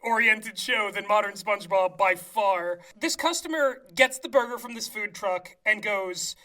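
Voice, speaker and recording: Brief: bright, forceful podcast co-host, lively recap storyteller, laughs often, remote call mic. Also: medium pitch, unhurried. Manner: animated storytelling, frequent laughter. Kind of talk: casual comedic recap chat.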